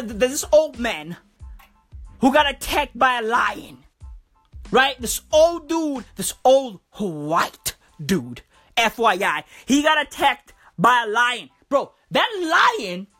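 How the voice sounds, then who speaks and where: A woman doing a comic rant, animated and profane, full of slang. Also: high voice. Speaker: comedy vlogger.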